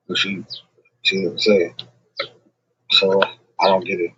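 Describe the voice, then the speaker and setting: A man's voice: deep voice, flat delivery, unhurried, pauses often, fairly bright tone, slightly rough, muffled recording. A man ranting to his livestream chat in a rambling, combative way, swearing constantly.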